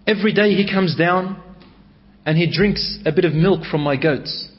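A man's voice: sits high, moderate pace, lightly acted. A man voicing a plain-spoken village shepherd who talks matter-of-factly, on a dull lo-fi recording.

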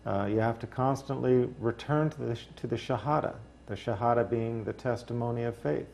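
A man speaking as an interview guest, reflective and unhurried, with dry humor and frequent fillers. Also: mid-range voice, vocal fry, darkish tone. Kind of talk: casual interview talk.

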